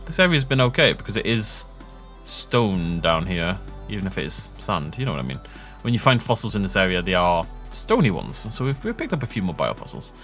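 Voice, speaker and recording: A man's voice: low voice, wildly swooping pitch, a little fast, a bit bright, faint music behind. A young man rambling and joking as he plays, self-mocking and chatty. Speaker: gaming YouTuber. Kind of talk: rambling gameplay commentary.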